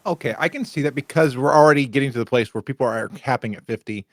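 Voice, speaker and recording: A man's voice: medium pitch, no echo. A man co-hosting a casual gaming podcast, chiming in with playful jokes. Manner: playful, quick jokey interjections. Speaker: podcast co-host.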